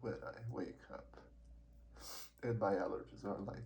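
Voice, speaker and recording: A man vlogging through an allergy sneezing fit, talking slowly and dropping into a whisper between sneezes. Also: lowish voice, fairly even intonation, darkish tone, slight background noise. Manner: slow, partly whispered talk between sneezes. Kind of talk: casual talk to camera.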